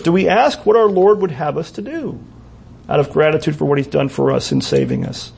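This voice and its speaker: A man preaching a sermon as pastor, earnest, with pauses and repeated phrases. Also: fairly high pitch, very animated, gravelly, darkish tone, slightly rough.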